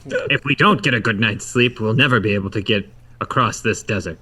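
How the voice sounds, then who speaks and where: A man's voice: lowish voice, a little fast, bright, forceful tone, breathy edge. A man playing a tabletop game, speaking earnestly in character. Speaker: player.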